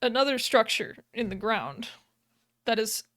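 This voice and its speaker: A woman's voice: fairly high pitch, animated, a little slow, fairly bright tone, dry recording, clean studio sound. A young woman co-hosting a podcast, retelling a game's story in a rambling, giggly way full of fillers and restarts. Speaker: podcast co-host. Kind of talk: casual chat, retelling a game's plot. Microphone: podcast microphone.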